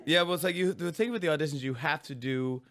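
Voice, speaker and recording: A male comedian guest telling stories casually, animated and laughing, acting out quotes. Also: a little high, fast talker, dry recording, studio quality. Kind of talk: casual storytelling.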